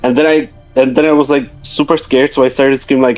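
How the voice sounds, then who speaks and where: A man's voice: mid-range voice, little pitch movement, brisk, a little mellow, soft background music, poor audio. A man from Slovakia in his thirties with a Slovak accent, telling a story as a guest in a casual interview, with hesitant, filler-heavy, nonnative phrasing.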